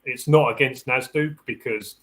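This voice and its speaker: A man's voice: medium pitch, normal speed, a bit bright, rough recording. Chatty man giving dog-training tips. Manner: practical and chatty, repeats and restarts phrases; acts out the dog's thoughts in a raised voice. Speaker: security dog handler hosting a live Q&A. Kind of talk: casual live-stream advice talk.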